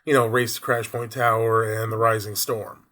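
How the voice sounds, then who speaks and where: A man talking as a guest on a casual podcast, relaxed, with hesitant restarts. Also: on the low side, normal speed.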